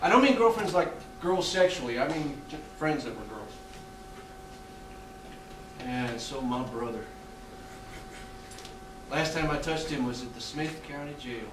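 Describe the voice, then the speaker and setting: A man performing a theatrical monologue on a small theatre stage, telling a confessional story with halting restarts. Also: medium pitch, lively intonation, background noise. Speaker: stage actor playing a death row inmate. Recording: roomy theatre sound from a distant mic.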